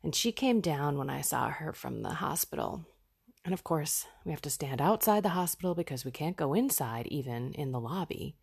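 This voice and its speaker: A woman's voice: deep voice, animated, moderate pace, creaky, darkish tone, husky. A woman hosting a podcast, sharing a raw personal reflection in an earnest, heartfelt way. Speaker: podcast host.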